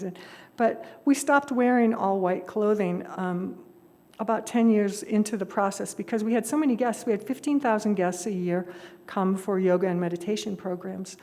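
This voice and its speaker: Speaking at moderate speed in a medium-pitched, slightly mellow voice, an older woman shares stories during a worship service as a lay speaker. Her talk is conversational, easygoing in its humor and often broken by laughter, captured with echoey reverb from the worship hall.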